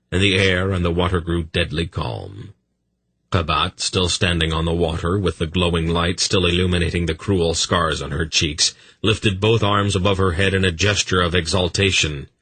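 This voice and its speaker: A man's voice: low-pitched, moderate pace, a bit bright, breathy edge, dry recording. A man narrating an audiobook with intense, dramatic storytelling.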